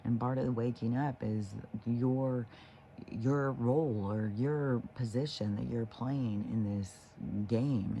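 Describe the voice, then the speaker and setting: Gravelly, dark-toned man for a spiritual vlog, rambling and profane, full of fillers. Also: mid-range voice, a little hiss or hum. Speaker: spiritual vlogger. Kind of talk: casual rambling monologue.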